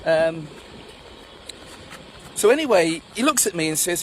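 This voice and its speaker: Outdoors at sunrise, with street and passing traffic noise around him, a middle-aged man tells a personal story as a monologue. His voice is a little high, his pace measured with long pauses, and he animatedly acts out the voices of the people in his story.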